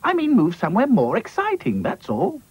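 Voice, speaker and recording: A man putting on a high, peppy lady rag doll. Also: wildly swooping pitch, slightly rough, no room sound, dull audio, full character voice. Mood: brisk. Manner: brisk and encouraging. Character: energetic bossy female rag doll who jogs.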